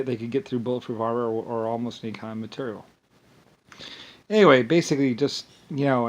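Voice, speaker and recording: A man's voice: mid-range voice, a little mellow, highs cut off. A man talking in a rambling, profane monologue, full of restarts and angry outbursts. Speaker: video monologue speaker.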